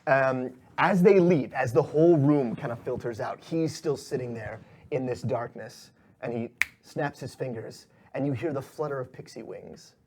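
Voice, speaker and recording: A man's voice: mid-range voice, normal speed, darkish tone, a little hiss or hum. A man narrating as game master of a tabletop game, telling the scene loosely with lots of fillers. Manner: loose, filler-heavy storytelling.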